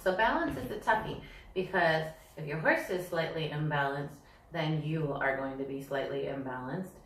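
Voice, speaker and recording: A woman's voice: deep voice, moderate pace. A woman teaching dressage riding, demonstrating the moves herself on a yoga ball as she explains them. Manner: practical, demonstrates while talking. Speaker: dressage instructor. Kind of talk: instructional demonstration. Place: indoors, sitting on a yoga ball. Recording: roomy, distant mic, faint hiss.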